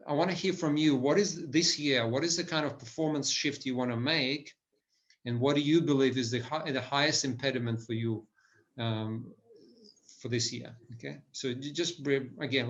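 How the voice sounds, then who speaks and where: A man's voice: medium pitch, muffled recording. A man giving a lecture to business leaders in an enthusiastic way, often restarting his sentences and adding "right?" tags. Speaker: business speaker.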